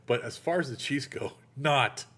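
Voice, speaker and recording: A man hosting a casual chat show, telling a story in a lively way and acting out the voices he quotes. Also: medium pitch, a little slow, husky. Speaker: podcast host.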